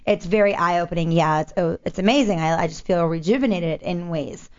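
A woman's voice: on the low side, a little fast. A woman telling a story in casual conversation, rambling with lots of "like" and restarts, sounding amused. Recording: dull lo-fi recording.

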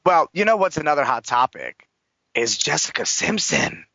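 A show host chatting casually about celebrity gossip in an animated way, full of fillers like "like". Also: mid-range voice, moderate pace, gravelly, no echo. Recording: dull lo-fi recording.

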